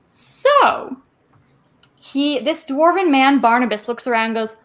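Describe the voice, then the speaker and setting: Woman game master, high bright voice, giggly, halting narration. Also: animated. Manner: giggly, halting, describes scenes with many fillers.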